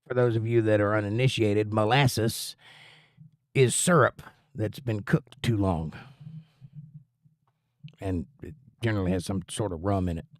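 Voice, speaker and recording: A man's voice: fairly low pitch, a little slow, pauses often, dry recording, clean studio sound. A man hosting a casual livestream, chatting in a rambling, folksy way and reading viewer comments aloud. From United States. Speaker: livestream host.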